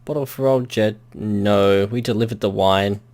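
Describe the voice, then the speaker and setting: A man's voice: fairly low pitch, fairly even intonation, moderate pace, darkish tone. A man giving casual gameplay commentary with dry, wry asides and the odd crude joke. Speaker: let's play host.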